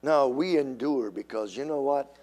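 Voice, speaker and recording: An older man preaching a sermon, slow and emphatic, acting out quoted voices with sudden jumps in pitch. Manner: animated, acts out quoted voices.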